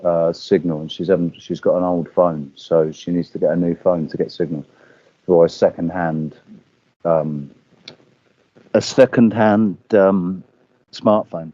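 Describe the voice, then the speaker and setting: A man's voice: sits low, fairly even intonation, unhurried, warm tone, dry recording, muffled recording. A man chatting casually as a guest on a video call, rambling with fillers and restarts.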